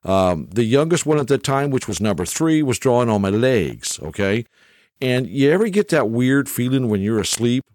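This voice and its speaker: A man's voice: mid-range voice, darkish tone, no room sound, studio quality. A middle-aged man telling a rambling, folksy story in casual monologue, often tagging lines with "okay?".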